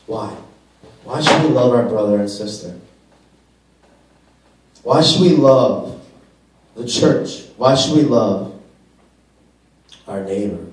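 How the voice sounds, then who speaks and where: A man's voice: medium pitch, takes it slowly, pauses often, a little hiss or hum. Earnest young man preaching in an echoey room. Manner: earnest, repetitive, rhetorical questions. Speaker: youth pastor. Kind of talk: sermon. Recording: very echoey room, distant mic.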